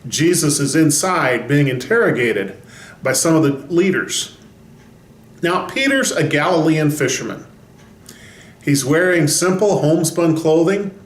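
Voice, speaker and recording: Man, pastor, devotional talk, folksy storytelling, slightly high voice, echoey room. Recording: roomy echo.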